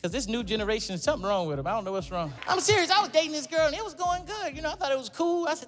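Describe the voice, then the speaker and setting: Man, comedian, animated storytelling, squeaky impressions, very lively pitch, music behind. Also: racing, hardly any pauses. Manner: acts out other people's voices in high squeals. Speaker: comedian and actor. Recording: music playing under the voice.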